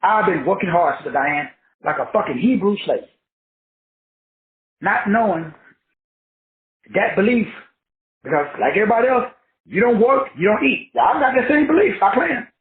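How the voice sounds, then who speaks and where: A man's voice: high-pitched, very animated, moderate pace, long pauses. A man in his sixties, giving a casual, profane, preachy spiritual talk. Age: 60s. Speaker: spiritual teacher. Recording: tinny phone-like audio in an echoey room.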